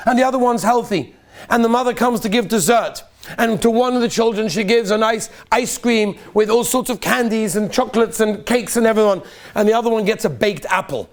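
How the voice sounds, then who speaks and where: Rabbi, man, high voice, lively teaching storyteller who swells to near-shouts. Peppers English with Yiddish. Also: a little fast. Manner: animated storyteller, rising to near-shouts at peaks; mixes Yiddish and Hebrew terms into English. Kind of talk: Purim sermon with storytelling.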